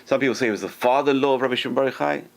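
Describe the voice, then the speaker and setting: A gravelly-voiced rabbi teaching a Torah class, telling old stories with animated energy. His voice shoots up high when he acts out what the characters say, and he often turns to ask the listeners questions. He sits at an ordinary mid pitch for a man. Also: very fast. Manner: animated storyteller, acts out quotes with sudden high lifts; talks to the room, asks listeners questions.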